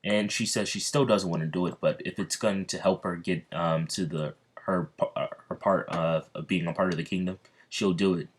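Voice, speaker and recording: A man narrates a fan-made story in a loose, rambling way, stumbling over words and restarting often. His voice sits deep and low. It sounds off the cuff rather than scripted. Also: fairly even intonation, slightly rough. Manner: rambling, halting, many fillers and restarts. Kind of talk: casual fan-fiction narration.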